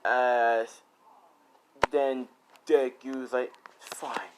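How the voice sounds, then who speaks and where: A man's voice: medium pitch, unhurried, very noisy. A man narrating an improvised fan story in a rambling way, full of fillers. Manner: rambling, full of "you know".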